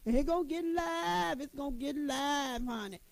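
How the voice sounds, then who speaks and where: A middle-aged woman with a high, unhurried voice and vocal fry gives a motivational talk to women, folksy and emphatic, repeating her points and calling listeners "honey." The recording is dry and the audio quality is poor.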